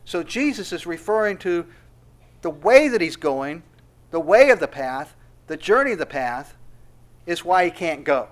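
A middle-aged pastor delivers a verse-by-verse sermon in a fairly high voice. He drops to quiet asides and then climbs to loud, emphatic peaks. His pitch moves a lot. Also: big pitch swings, unhurried. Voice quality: laughs softly between points. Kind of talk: expository sermon.

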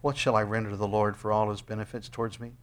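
A pastor preaches quickly and with little pitch movement, reading scripture and closing with a prayer. Even so, he swings between loud, high exclamations and hushed, low asides.

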